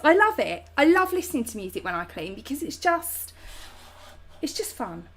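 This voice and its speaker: A woman's voice: sits high, sing-song, normal speed, a bit bright, slight background noise. Bubbly British woman hosting a live chat. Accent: British English. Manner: bubbly, chatty, slangy, breaks into song. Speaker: host. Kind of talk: casual chat reading viewer comments on a livestream.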